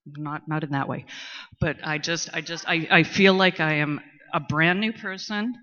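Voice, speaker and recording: A middle-aged woman, speaking candidly in a personal testimony at a recovery meeting, talkative and at times loud and boisterous. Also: low-pitched, fairly even intonation, normal speed. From Canada. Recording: muffled lo-fi recording.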